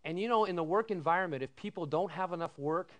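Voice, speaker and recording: Man preaching, middle-aged, high voice, smooth clear tone, folksy storytelling, asks "amen?". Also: quick pace. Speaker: pastor. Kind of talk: sermon.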